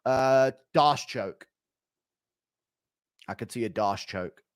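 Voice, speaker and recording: A man's voice: mid-range voice, takes it slowly, clean tone, no echo, clean studio sound. A man streaming, reading out donations in a blunt, profane, rambling way. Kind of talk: casual chat reading donations.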